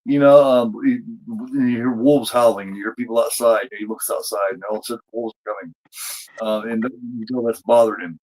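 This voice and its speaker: Male podcast host, mid-pitched, loose rambling recap delivery. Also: steady tone, a little fast, a little mellow, low-quality recording. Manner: rambling, many fillers and restarts. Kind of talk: casual episode recap. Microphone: streamed podcast mic.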